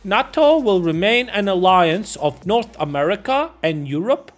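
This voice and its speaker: A man's voice: sits high, expressive, measured pace, faint music behind. Profane, joking man streaming the news. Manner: irreverent, profane, laughs often, stumbles over names. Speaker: streamer reading war news. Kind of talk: casual live-stream commentary.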